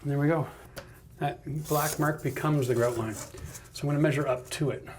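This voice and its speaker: A man's voice: fairly high pitch, fairly even intonation, normal speed, noisy background. A man hosting a casual do-it-yourself renovation video, talking through each step in a chatty, self-mocking way and laughing at his own slip-ups. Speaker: DIY renovation host. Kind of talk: casual how-to narration. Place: bathroom under renovation.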